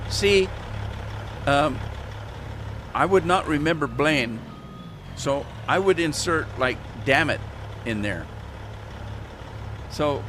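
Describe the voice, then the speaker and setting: A man's voice: mid-range voice, expressive, slow pace, long pauses, noisy background. An older man streaming a farming game and chatting casually, with dry, grumbling, self-mocking humor. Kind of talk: casual chat while gaming.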